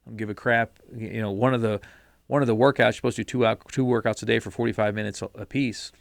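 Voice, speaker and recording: This co-host's voice is lowish and gravelly, his intonation fairly even, and he talks fast. He chats casually and bluntly about discipline and staying on plan, swearing a little and repeating words as he restarts, in a dry, studio-quality recording.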